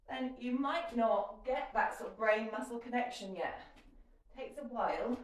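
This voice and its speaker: A woman's voice: fairly high pitch, moderate pace. Woman coaching a kettlebell workout. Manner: encouraging, chatty coaching with cues. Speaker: fitness instructor. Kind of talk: guided workout instruction. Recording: echoey room, mic at a distance.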